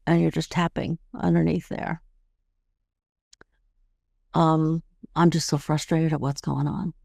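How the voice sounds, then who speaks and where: Middle-aged woman, podcast host, calm instructive delivery, some vocal fry, dry close mic. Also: on the low side, no room sound. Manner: calm, guiding, demonstrates steps; adds "right?" to check in with listeners. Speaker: podcast host and tapping coach.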